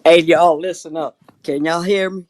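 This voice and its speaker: A man's voice: a little high, fairly even intonation, moderate pace, darkish tone, no echo. A man on a livestream panel over an online call, taunting and insistent as he spills gossip. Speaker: panel participant. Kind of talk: confrontational livestream panel talk.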